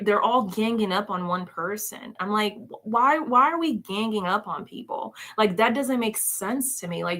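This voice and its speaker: This woman's mid-range voice is a bit bright. She hosts a relaxed commentary livestream, voicing viewer comments, reacting with laughs and exclamations, and chatting with viewers she often calls "y'all."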